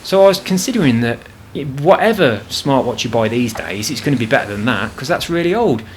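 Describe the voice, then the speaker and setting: A man's voice: mid-range voice, lively intonation, fairly quick, a little hiss or hum. A man chatting casually over gameplay at home, rambling and swearing freely about his frustrations. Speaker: gaming channel host. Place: home apartment.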